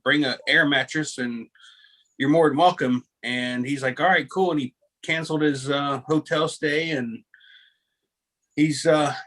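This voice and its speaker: Man on a video call, higher voice, rambling self-mocking stories, lots of restarts. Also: steady tone, unhurried, a bit bright. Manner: rambling storyteller with many restarts. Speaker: host. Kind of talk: casual chat on a video call.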